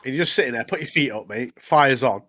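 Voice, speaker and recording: Talking fast in a medium-pitched, fairly bright voice, a man co-hosts a podcast, chatting casually about anime episodes. He recaps them in a relaxed way with frequent laughter.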